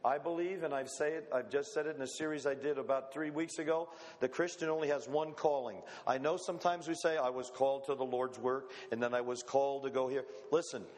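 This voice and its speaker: Middle-aged male pastor, slightly high voice, homey conversational sermon, long hall reverb. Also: darkish tone. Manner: folksy, conversational preaching with rhetorical questions.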